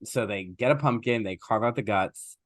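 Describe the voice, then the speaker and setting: A man co-hosting a podcast, casually retelling a fairy tale and briefly acting out its characters in quick little voices. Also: lowish voice, dry recording. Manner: animated, acts out characters in quick voices, laughs often. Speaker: podcast co-host. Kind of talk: casual chat, retelling a story.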